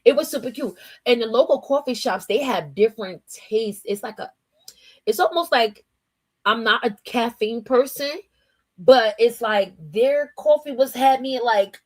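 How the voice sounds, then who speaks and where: A woman's voice: fairly high pitch, unhurried. A woman from New Jersey with a New Jersey accent, hosting a casual morning livestream in a chatty, slangy way, laughing often and reading her chat aloud. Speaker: livestream host.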